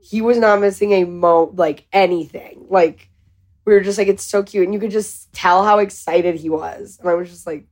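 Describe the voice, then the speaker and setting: Excited woman telling a story on a podcast, casual chat. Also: mid-range voice, normal speed.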